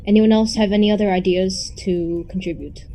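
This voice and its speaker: A woman playing a ship captain in a tabletop game, measured and commanding. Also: mid-range voice, fairly even intonation, mellow, a little hiss or hum, low-quality recording. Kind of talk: tabletop role-play.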